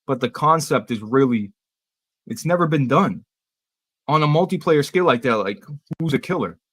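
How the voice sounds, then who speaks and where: A man's voice: mid-range voice, lively intonation, fairly bright tone, slightly rough, no room sound. A man hosting a casual podcast chat. He swears freely and tells stories about himself with a self-mocking edge. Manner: swears freely, quick self-deprecating storytelling. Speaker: podcast host and streamer.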